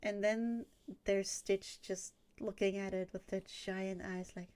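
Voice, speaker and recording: A woman's voice: medium pitch, steady tone, takes it slowly, a little mellow, clean tone. Giggly swearing young woman streamer. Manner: rambling, giggly, swears freely. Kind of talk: casual livestream chat while drawing.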